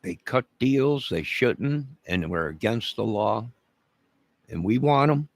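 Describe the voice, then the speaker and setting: A man's voice: fairly low pitch, expressive, slow pace, no echo. A man from Chicago in a rambling direct-to-camera rant, menacing and repetitive, leaning hard on his words for emphasis.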